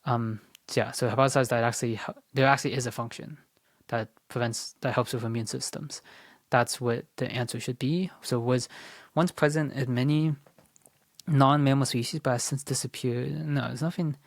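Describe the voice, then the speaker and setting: A young man tutoring test prep, working through a timed practice test out loud in a casual, rambling way, with lots of "like" and self-corrections, sometimes muttering as he reads. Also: medium pitch, fairly even intonation, moderate pace, dry recording. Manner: mutters while reading questions under his breath.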